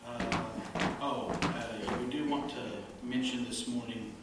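Recorded from a distance in an echoey church sanctuary with background noise, a pastor with a medium-pitched voice speaks slowly. His sermon is animated, and he tells jokes and laughs at them as he goes.

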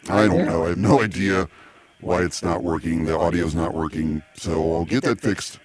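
A man's voice: deep voice, moderate pace, a little mellow. A man hosting a casual comedy podcast, chatty and rambling. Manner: chatty, laughs easily, rambling. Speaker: podcast host.

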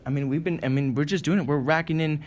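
A man's voice: on the high side, steady tone, fast. A young man co-hosting a casual podcast, rambling and laughing often. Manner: giggly, rambling, lots of laughing. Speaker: podcast co-host. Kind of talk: casual chat.

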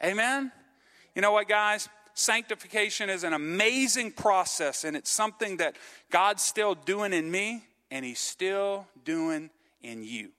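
A man preaching in an earnest, conversational way, checking in with the congregation and calling for amens. His voice sits high for a man and rings bright and forceful. The sound carries the long reverb of a church hall. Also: animated, unhurried. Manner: earnest, repeats "okay?" and calls for amens. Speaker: pastor. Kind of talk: sermon. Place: church sanctuary.

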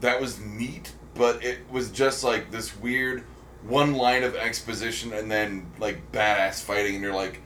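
A man's voice: fairly low pitch, steady tone, measured pace, a bit bright. A man co-hosting a podcast, chatting casually about films and shows, rambling with many ums and restarts. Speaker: podcast co-host. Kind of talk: casual chat. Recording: roomy echo with faint noise.

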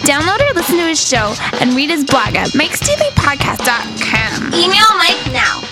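A man putting on a squeaky, perky announcer voice, loud and upbeat. Loud music plays under the read. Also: very animated, normal speed, full character voice.

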